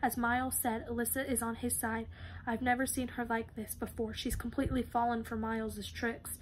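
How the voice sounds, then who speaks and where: A woman reading a young adult novel chapter aloud on her channel, with a steady, even delivery. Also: a little high, moderate pace, a little hiss or hum. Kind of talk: read-aloud narration of a novel.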